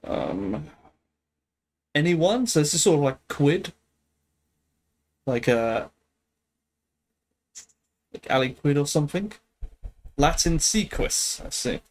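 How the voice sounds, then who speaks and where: A man's voice: a little high, very animated, slow pace, pauses often. A man thinking aloud at a leisurely pace while working through a language exercise on a live stream, hesitant and checking himself as he goes. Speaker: streamer studying Greek.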